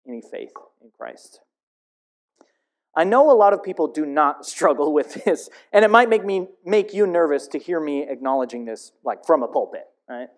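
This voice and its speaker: A man's voice: fairly high pitch, darkish tone. A man who leads music at his church, preaching a sermon in an earnest, candid and confessional way.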